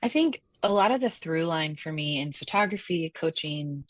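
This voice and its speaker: Deep-voiced playful woman guest, dry sound. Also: expressive, moderate pace, no echo. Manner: playful and encouraging. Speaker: guest, life coach and spiritual director. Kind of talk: casual interview chat.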